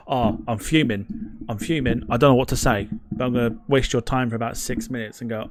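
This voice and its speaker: A man's voice: medium pitch, steady tone, brisk. A man hosting a live football watchalong, ranting heatedly and swearing constantly about the referees. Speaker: watchalong host.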